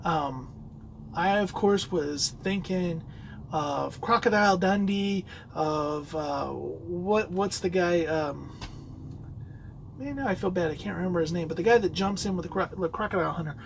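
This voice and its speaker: A man's voice: sits high, measured pace, vocal fry, a little hiss or hum, poor audio. A man hosting a solo podcast, telling a rambling story with many fillers and restarts. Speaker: podcast host. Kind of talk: casual solo podcast talk.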